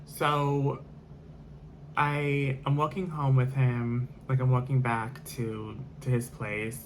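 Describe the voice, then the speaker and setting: A man's voice: mid-range voice, level tone, takes it slowly, a little hiss or hum. A man telling a personal story in a casual monologue, rambling with lots of fillers and restarts.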